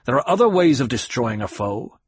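A man voicing a shrewd, cautious male smuggler chief who speaks in a measured, guarded way. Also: medium pitch, big pitch swings, slightly rough.

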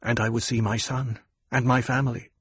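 A man reading aloud voices an earnest, resolute young man who speaks with proud intensity in a husky voice. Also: medium pitch, little pitch movement, a little fast, a bit bright, no room sound.

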